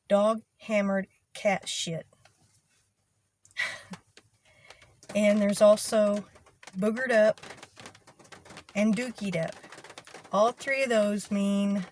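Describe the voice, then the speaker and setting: A young woman from Texas with a Texas twang, talking casually to her channel in an easygoing, rambling way with many pauses and ums. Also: mid-range voice, slight background noise. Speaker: video creator. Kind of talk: casual talk to camera.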